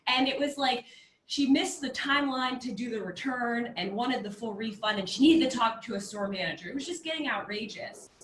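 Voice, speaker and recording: A woman co-hosting a podcast, telling a story in an animated, chatty way. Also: fairly high pitch. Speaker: podcast co-host. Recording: roomy echo, faint background noise.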